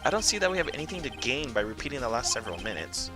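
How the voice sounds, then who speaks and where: A man voicing an old, fussy male judge in a courtroom video game, giving formal, measured rulings. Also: mid-range voice, very animated, music in the background, close to an everyday voice.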